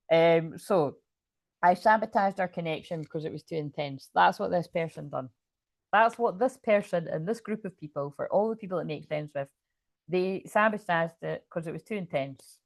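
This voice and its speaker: A woman's voice: lowish voice, dry recording. A woman giving a casual, chatty tarot reading, swearing freely, laughing and breaking into bits of song. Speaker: tarot reader.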